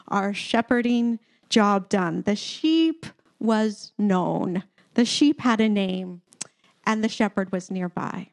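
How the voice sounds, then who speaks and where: A woman pastor giving a sermon, telling a personal story in a relaxed, conversational way with occasional light laughter. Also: mid-range voice, gravelly.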